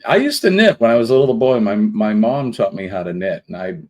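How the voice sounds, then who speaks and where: A man's voice: lowish voice, lively intonation, fairly quick, a little mellow, poor audio. A man hosting a casual live stream, greeting viewers one by one in a rambling, chatty way. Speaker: livestream host.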